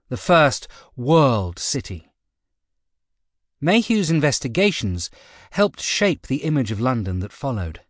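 A man narrating a nonfiction audiobook in a measured, expressive reading from a close studio mic. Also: mid-range voice, dry recording.

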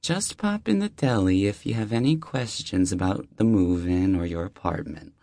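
A man's voice: sits low, expressive, normal speed, vocal fry, warm tone, no echo, clean studio sound, pitched above the performer's own voice. A man voicing a motherly old hippie woman. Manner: motherly, kindly fussing. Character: warm older female hippie deli owner. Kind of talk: audiobook character voice.

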